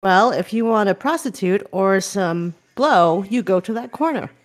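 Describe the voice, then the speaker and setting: Woman podcast cohost, casual banter, swears a lot, middle pitch. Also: expressive. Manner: laughing, profane, quick banter. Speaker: podcast co-host. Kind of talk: casual chat.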